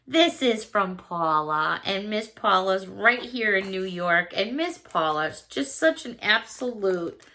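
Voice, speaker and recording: A woman's voice: medium pitch, a bit bright. A woman from Chicago chatting casually as a vlogger, gushing and laughing often as she goes through her mail. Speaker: vlogger opening fan mail. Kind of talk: casual chat.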